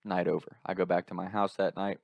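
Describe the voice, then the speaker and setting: A man in his twenties casually telling an animated story, laughing through it. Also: low-pitched, fast, creaky, no echo, dull audio.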